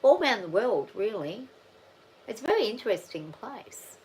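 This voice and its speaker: A woman's voice: mid-range voice, big pitch swings, moderate pace, darkish tone, low-quality recording. A middle-aged woman with an Australian accent, chatting casually and rambling with her viewers on a livestream. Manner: rambling, chatty, thinks aloud with many restarts. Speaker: farm channel vlogger. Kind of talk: casual live chat with viewers.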